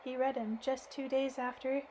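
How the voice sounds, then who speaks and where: A woman's voice: high voice, flat delivery, normal speed, mellow, a little hiss or hum, natural voice, low-quality recording. A woman voicing a sturdy village housekeeper in her forties, telling her worries in folksy rustic speech. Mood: worried, folksy.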